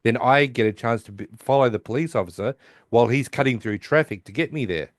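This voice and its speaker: A man's voice: mid-range voice, fast talker, dry recording, clean studio sound. A man hosting a podcast, casually retelling a TV episode in a rambling way with many restarts. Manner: rambling, with restarts and quoted voices. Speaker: podcast host.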